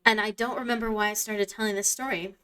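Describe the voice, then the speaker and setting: A woman's voice: medium pitch, fairly even intonation, fast, bright, forceful tone, clear, resonant tone. A young woman chatting casually while playing a game, rambling and losing her train of thought, with lots of fillers. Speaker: streamer. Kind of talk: casual chat while gaming. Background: faint game music.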